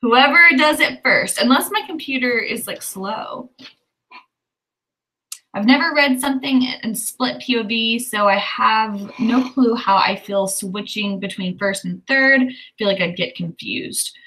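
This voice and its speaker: Southern lady hosting a writing stream, bright clear voice, lots of ums while she thinks out loud. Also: on the high side, unhurried, poor audio. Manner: chatty, thinks aloud with many fillers. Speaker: writing livestream host. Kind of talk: casual livestream chat.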